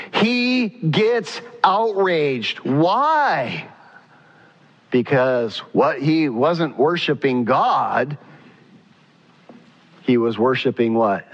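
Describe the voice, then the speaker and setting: A man's voice: mid-range voice, sing-song, drawn-out words, highs cut off. A man preaching a sermon as pastor, emphatic, now and then acting out quotes.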